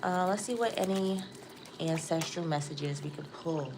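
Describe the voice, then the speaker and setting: Excitable woman reading tarot live. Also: deep voice, normal speed, vocal fry, very noisy. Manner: excitable, chatty, addresses viewers as y'all. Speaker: tarot reader.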